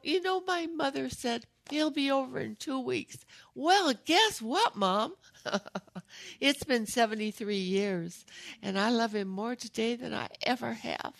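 An older woman teaches scripture in an earnest, emotional way, leaning on repetition to drive her points home. She speaks slowly and unhurriedly, with a fairly high voice. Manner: earnest, emotional, repeats for emphasis. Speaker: Bible teacher. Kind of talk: heartfelt devotional talk.

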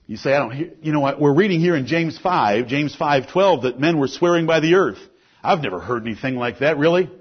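A man preaching a sermon, emphatic, rising to loud peaks and then dropping low. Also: expressive, brisk, breathy edge. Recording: muffled lo-fi recording.

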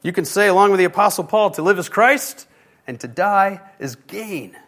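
A man's voice: high-pitched, animated, normal speed, fairly bright tone. A man preaching a sermon, speaking directly to his church and rising in intensity. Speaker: pastor.

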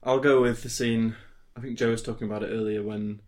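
A man's voice: mid-range voice, flat delivery, a little fast, darkish tone. A man co-hosting a casual film podcast, easygoing and a little hesitant. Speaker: podcast co-host. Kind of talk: casual chat.

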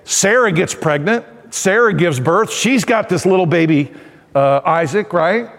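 A male pastor preaching a sermon in a lively, conversational way, often checking in with his listeners. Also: high voice, measured pace, big-room sound. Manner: animated, conversational, checking in with the audience.

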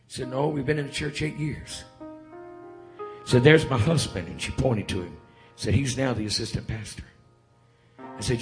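A man preaching a revival sermon in church, building up to shouted calls to the congregation. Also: medium pitch.

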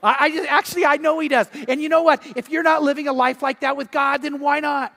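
Brief: male pastor, sermon delivery, higher voice, storyteller who acts out quotes, big echoing hall. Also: steady tone, quick pace, bright, forceful tone.

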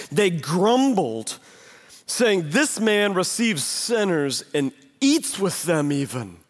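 A man preaching a sermon as pastor, conversational and emphatic, full of rhetorical questions. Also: sits high. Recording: long hall reverb.

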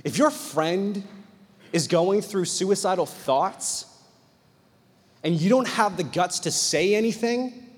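A man's voice: high-pitched, lively intonation, slow pace, long pauses, husky, in a large hall. A man preaching a sermon, telling a story with animation and acting out the people in it.

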